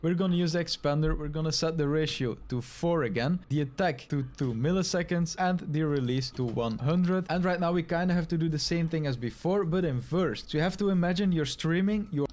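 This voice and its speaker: A man with a slightly high voice moves fairly quickly with few pauses as he presents a step-by-step screen tutorial on streaming audio settings. He walks through them instructively and demonstrates by shifting between quiet talk and shouting.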